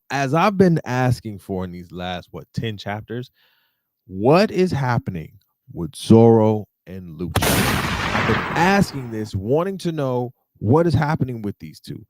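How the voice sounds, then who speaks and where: A man hosting a podcast, giving an animated, slangy recap of a manga chapter. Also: mid-range voice, dry recording, clean studio sound. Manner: animated, slangy, repeats "you feel what I'm saying". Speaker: podcast host.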